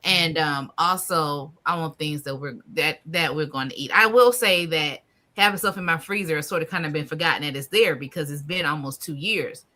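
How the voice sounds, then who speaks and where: A woman hosting a casual garden chat, laughing often and talking in relaxed slang. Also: deep voice, normal speed. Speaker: podcast host.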